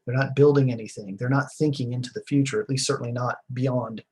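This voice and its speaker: A man's voice: mid-range voice, fairly even intonation, fast, a little mellow, husky, rough recording. A middle-aged man giving a recorded class lecture in a rambling, conversational way, with many fillers and restarts. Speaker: teacher.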